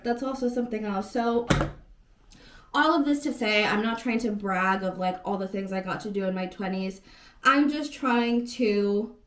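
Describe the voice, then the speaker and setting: A woman in her late twenties, chatting casually in a home vlog, rambling and often correcting herself mid-sentence. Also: medium pitch. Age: 20s. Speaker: vlogger.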